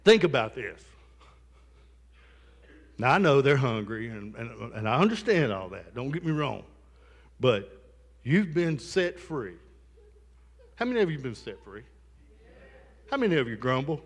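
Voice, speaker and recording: A man's voice: medium pitch, very animated, unhurried, pauses often, slightly rough, in a large hall. A male pastor preaching a sermon in a conversational style, with asides to the congregation in a church sanctuary.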